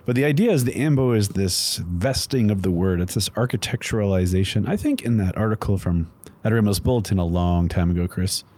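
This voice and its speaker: A man's voice: lowish voice, fairly quick, a little mellow. A man co-hosting a podcast, explaining church practice in a casual, playful way. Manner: playful, explaining liturgy in a chatty teaching way. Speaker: podcast co-host. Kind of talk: casual chat.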